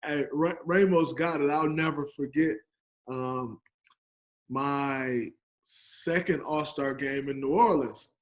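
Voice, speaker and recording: Laid-back high-voiced man guesting. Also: takes it slowly. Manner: laid-back, joking storyteller. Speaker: podcast guest, pro basketball player. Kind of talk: casual remote interview chat. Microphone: video call.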